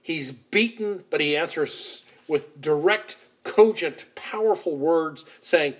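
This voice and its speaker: A man preaches, retelling scripture as a vivid story. His voice sits fairly high for a man and moves between loud and quiet, with quick runs and slowed, stressed words. He sounds like he is leading a congregation through the account. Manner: animated storytelling, shifting loudness, acts out quotes. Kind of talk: sermon retelling a Bible story.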